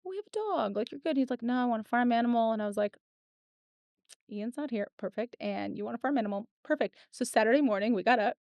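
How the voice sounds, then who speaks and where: Woman in her thirties, podcast host, animated storyteller, slightly high voice, dry sound. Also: fast talker, no echo. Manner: animated storyteller, acts out quotes. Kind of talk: casual chat.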